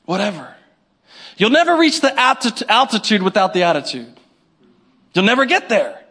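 A man preaching a sermon to his congregation, animated, with call-and-response and little acted-out scenes. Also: sits high, a little fast. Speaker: pastor.

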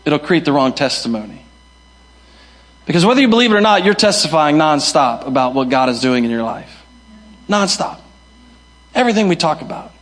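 With big pitch swings, a fairly quick pace and frequent pauses, a male pastor preaches his sermon. He lurches from sudden high shouts to soft, low asides and acts out the people he quotes.

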